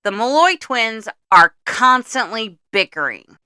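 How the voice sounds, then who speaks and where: A woman's voice: on the high side, very animated, measured pace, few pauses, pushed and bright, clear, resonant tone, dry recording, clean studio sound. A middle-aged woman co-hosting a podcast, recapping a movie's plot in blunt casual chat and swearing freely. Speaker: podcast co-host.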